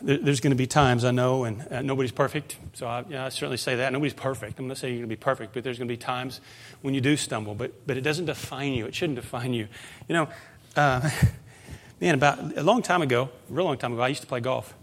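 A male pastor preaching a conversational sermon, moving into animated storytelling. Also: medium pitch, fast.

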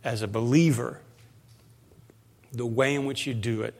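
A male pastor preaching a conversational sermon, moving into animated storytelling. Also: medium pitch, unhurried.

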